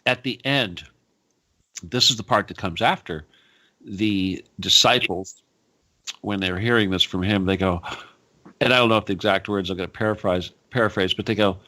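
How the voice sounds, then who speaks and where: A man hosting a talk radio show, chatting casually and rambling, with frequent laughs and animated asides. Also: on the low side, moderate pace, long pauses.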